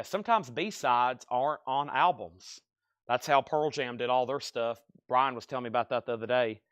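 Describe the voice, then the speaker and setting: A man with a smooth, clear voice hosts a live vinyl sale, reading out titles and prices in quick, upbeat patter. He speaks with his own accent, and the close mic keeps the sound dry. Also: mid-range voice, fairly bright tone, no echo. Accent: regional accent he mentions himself. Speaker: live-stream vinyl record seller. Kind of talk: live sales stream, reading out items and buyers.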